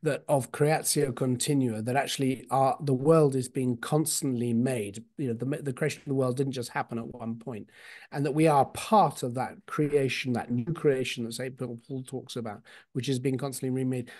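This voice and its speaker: A man's voice: medium pitch, a little mellow. A man speaking as an author guest in an interview, explaining ideas thoughtfully with frequent hesitations and restarts. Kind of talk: reflective explanation. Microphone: video call.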